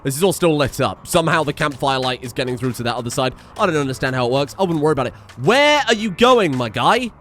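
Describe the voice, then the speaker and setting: Animated man cursing through gameplay. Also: on the high side, fast talker, few pauses, slight background noise. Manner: animated, exasperated, swears often, talks to game characters. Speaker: gaming video creator. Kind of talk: let's-play game commentary.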